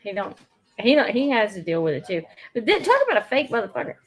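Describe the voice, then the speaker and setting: A woman's voice: medium pitch, big pitch swings, fast talker, soft background music. A woman from Alabama with a Southern accent, chatting casually, outspoken and laughing often. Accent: Southern American. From Alabama, USA. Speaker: co-host and shop co-owner. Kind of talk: casual chat.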